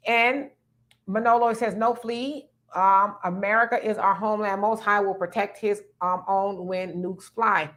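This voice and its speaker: A woman's voice: mid-range voice, a bit bright. A woman hosting a livestream, greeting viewers by name and reading their comments aloud before answering them. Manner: reads viewer comments aloud and responds conversationally. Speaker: livestream host reading chat. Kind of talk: casual livestream chat.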